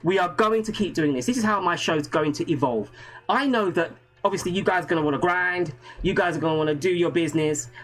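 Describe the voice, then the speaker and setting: A man hosting a live stream, talking in an energetic, chatty way and greeting viewers. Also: sits high, fast talker, poor audio. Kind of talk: casual live stream talk.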